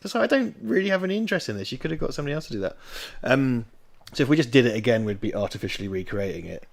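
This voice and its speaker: A man's voice: medium pitch, animated, racing, creaky. A man, co-hosting a watch-party stream in rambling, sweary casual chat, laughing often.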